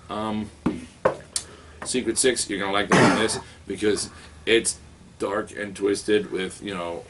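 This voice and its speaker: A low-voiced man chats his way through a stack of new comics in a comic book store. He rambles with a wry, offhand humor, stumbling over restarts and fillers. Faint shop ambience sits behind him. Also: a bit bright, slight background noise. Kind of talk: casual review chat.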